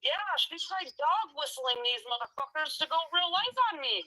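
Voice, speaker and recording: A woman talking casually on a livestream, animated and defensive, swearing freely. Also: high-pitched, normal speed, low-quality recording. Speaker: livestream guest.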